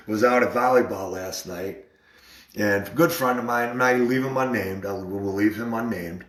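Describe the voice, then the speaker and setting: Low-voiced man ranting in an echoey room. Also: a little slow. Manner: animated retelling, repeats himself, acts out others' words. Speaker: vlogger on a live stream. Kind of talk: casual live-stream monologue.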